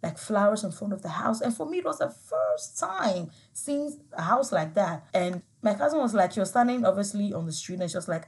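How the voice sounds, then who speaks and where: A young woman with a Ghanaian accent tells a personal story. She speaks with animated emotion and laughs often as she talks. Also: mid-range voice, fairly quick, hardly any pauses. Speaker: vlogger.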